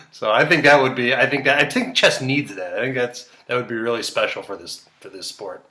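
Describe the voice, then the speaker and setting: A man's voice: medium pitch, lively intonation, normal speed, pushed and bright. Rambling, laughing man in an echoey room. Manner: rambling, joking, laughs often. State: tired, late at night. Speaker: chess commentator. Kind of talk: casual solo video commentary.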